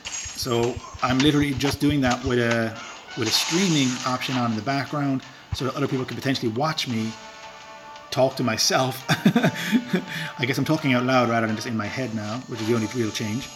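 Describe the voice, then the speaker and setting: A man from the Irish countryside talks to a small live-stream audience while he plays, in a voice of middling pitch. His talk rambles, full of fillers and self-mocking chuckles, and faint game music plays quietly underneath. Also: moderate pace. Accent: rural Irish. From Ireland. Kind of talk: casual live-stream chat while gaming.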